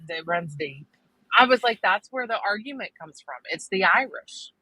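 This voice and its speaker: A woman co-hosting a casual podcast, telling family stories with frequent laughs. Her voice is bright and forceful, recorded close and dry, with no room sound around it. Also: mid-range voice, animated, normal speed, husky, dry recording, low-quality recording. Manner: chatty storyteller, laughs often. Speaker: podcast co-host. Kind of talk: casual chat.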